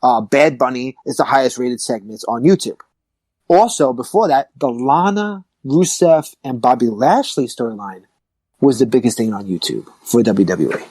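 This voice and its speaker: A man hosting a podcast in casual chat, talking in an animated, emphatic way that rises to excited peaks. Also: mid-range voice, moderate pace, slightly rough, dry recording, poor audio. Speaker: podcast host.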